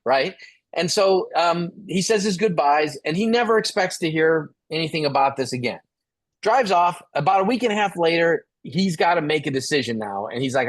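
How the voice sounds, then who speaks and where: A man's voice: a little high, brisk. Middle-aged male expert speaker; storyteller who animates his characters' lines. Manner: animated, acts out dialogue. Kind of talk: storytelling talk.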